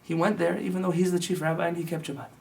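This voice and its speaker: A man's voice: fairly high pitch, fairly even intonation, racing, gravelly, far from the mic. A male rabbi giving a sermon-like teaching, telling stories with impassioned, emphatic build-ups. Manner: impassioned storytelling that swells into emphatic lists.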